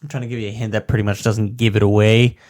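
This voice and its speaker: A man's voice: on the low side, flat delivery, fast talker, darkish tone. A man co-hosting a casual video game podcast, animatedly retelling funny game scenes and laughing as he talks. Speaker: podcast co-host. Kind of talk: casual chat about video games.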